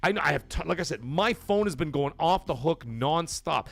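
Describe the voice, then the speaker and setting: Animated man ranting on stream. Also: fairly high pitch, normal speed, creaky, soft background music. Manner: animated, emphatic, blunt with swearing. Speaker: gaming show host. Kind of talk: livestream chat and rant.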